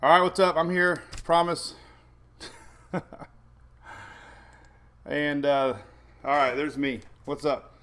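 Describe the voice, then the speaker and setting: A man's voice: fairly high pitch, slow pace, pauses often, fairly bright tone. A man hosting a live weather stream from home, chatting casually in a rambling, jokey way. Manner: rambling, jokey, self-deprecating with frequent laughs. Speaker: weather show host.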